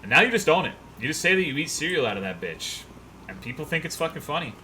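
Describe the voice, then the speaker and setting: A young man streams a game and chats casually, swearing freely and rambling as he answers his chat. His voice is bright and forward, with a faint hum of room noise behind it. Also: a little high, sing-song, fast. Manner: loose, profane, rambling, reads chat aloud.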